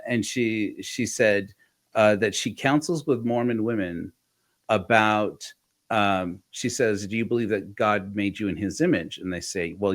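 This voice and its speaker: A middle-aged man hosting a casual podcast, telling stories and acting out the voices of the people he quotes. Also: on the low side. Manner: animated storyteller, acts out quoted voices. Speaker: podcast host.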